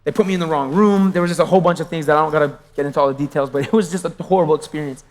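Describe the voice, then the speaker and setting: A man from Pennsylvania sharing his testimony with a live audience, animated and swinging between hushed asides and exclamations. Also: fairly high pitch, very fast, long reverb tail.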